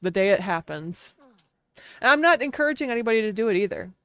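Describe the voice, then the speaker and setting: A woman's voice: medium pitch, animated, fast, fairly bright tone, smooth, dry recording. A young woman from Wisconsin with a Wisconsin accent, chatting casually on a stream, rambling and laughing often.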